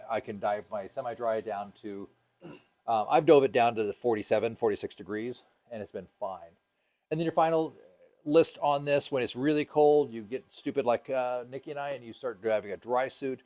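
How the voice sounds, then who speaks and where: A male scuba instructor talks a class through gear in a classroom. His voice sits at an ordinary middle pitch, and he keeps it casual and upbeat, with plenty of ums and uhs. Now and then he tosses questions out to the group. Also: a little mellow. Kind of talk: classroom teaching.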